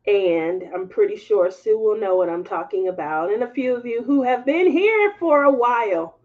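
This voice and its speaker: A woman hosting a craft livestream, telling a story to her viewers in candid, animated casual chat and laughing as she goes. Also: medium pitch, moderate pace, muffled recording.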